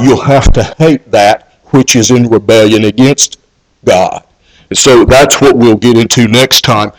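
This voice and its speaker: A man's voice: mid-range voice, rough recording. A male pastor preaching a sermon in an earnest way, often restarting and repeating words.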